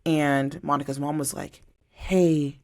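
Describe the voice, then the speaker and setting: A woman's voice: low-pitched, normal speed. A young adult woman co-hosting a podcast, recapping reality TV in a casual chat and acting out what people said. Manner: animated storyteller, acts out quotes. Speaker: podcast co-host.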